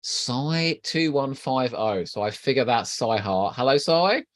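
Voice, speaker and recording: A man's voice: medium pitch, animated, takes it slowly, no echo. A man hosting a livestream, chatting casually and teasing his co-host with flirty banter before the show starts. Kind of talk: casual pre-show chat.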